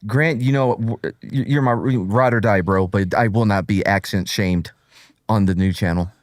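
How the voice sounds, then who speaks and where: A man's voice: on the low side, normal speed, no room sound, studio quality. A man co-hosting a casual political show, joking and self-mocking and easily distracted. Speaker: podcast co-host.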